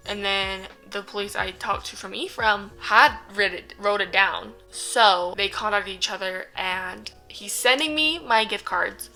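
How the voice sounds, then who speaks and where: A woman's voice: mid-range voice, a little slow, vocal fry, few pauses, sharp tone, soft background music, low-quality recording. A young adult woman vlogger telling a story casually to a phone camera, with joking asides to the viewer.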